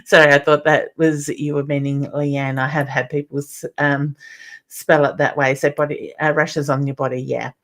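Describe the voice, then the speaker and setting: A woman's voice: sits low, flat delivery, normal speed. A woman with an Australian accent hosting a live stream as a psychic medium, reading out viewer comments and greeting people by name in a chatty, affectionate way.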